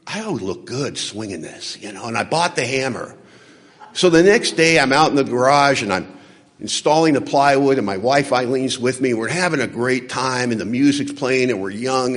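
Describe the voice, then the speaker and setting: A man telling a personal story at a recovery convention, with a middle-pitched voice that swings widely as he acts out each exchange. The sound carries a long reverb from a big hall. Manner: animated storyteller acting out dialogue. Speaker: recovery speaker. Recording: hall reverb from a large venue.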